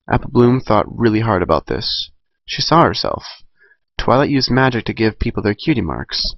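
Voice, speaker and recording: A man's voice: fairly low pitch, lively intonation, normal speed, dry recording, lo-fi sound. A man reading a fan story aloud in a casual way, correcting himself and adding chatty asides. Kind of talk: amateur fan fiction reading.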